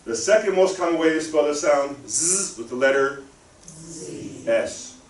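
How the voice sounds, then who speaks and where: Guiding a library audience through a call-and-response spelling drill, this male guest speaker gives an interactive lesson live in the lecture room. His voice is on the high side and expressive, at a moderate pace. The recording sounds roomy and far off, with a faint room hum.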